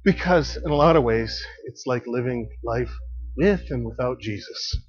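A man preaching in a relaxed, conversational way, laughing often and swinging between quiet and emphatic. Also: medium pitch, normal speed, dull audio. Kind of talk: sermon.

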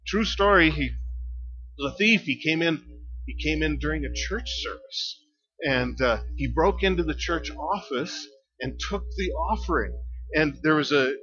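A man's voice: on the high side, unhurried, bright, forceful tone. A man preaching a sermon as pastor, telling stories casually with lots of fillers and chuckles. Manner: chatty storytelling with many fillers and chuckles. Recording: dull lo-fi sound.

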